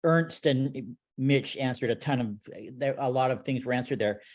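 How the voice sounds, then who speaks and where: A man's voice: mid-range voice, normal speed, a little mellow. A man taking part in a music webinar, asking an eager question with many restarts. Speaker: webinar participant.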